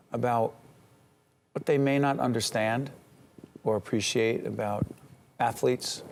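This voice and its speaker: A man hosting a TV interview, energetic and quick to jump in with questions. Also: on the low side, gravelly, a little hiss or hum. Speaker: TV interview host. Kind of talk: studio interview. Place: university campus studio.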